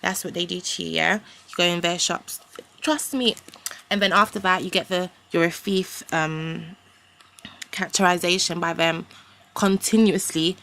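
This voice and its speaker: Ranting young woman with a gravelly voice. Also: lowish voice, steady tone, moderate pace, pushed and bright, slight background noise. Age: young adult. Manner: indignant, rambling, casual slang. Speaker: vlogger. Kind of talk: ranting to camera.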